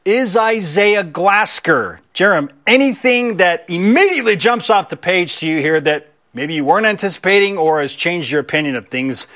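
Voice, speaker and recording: A man hosting a sports radio show, upbeat and reading reports in a measured way. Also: sits high, expressive, a bit bright.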